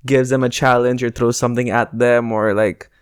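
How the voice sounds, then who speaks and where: A man's voice: medium pitch, little pitch movement, normal speed, clean tone, no room sound, clean studio sound. A man co-hosting a podcast in casual chat, rambling and self-mocking. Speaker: podcast co-host.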